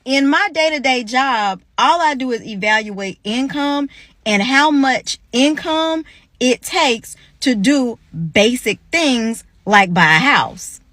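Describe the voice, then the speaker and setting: A woman from North Carolina gives emphatic, persuasive commentary straight to her viewers. Her voice is bright and somewhat high. It is recorded close and dry. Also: expressive, slow pace, no echo. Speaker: content creator talking about income. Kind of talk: opinionated commentary to camera.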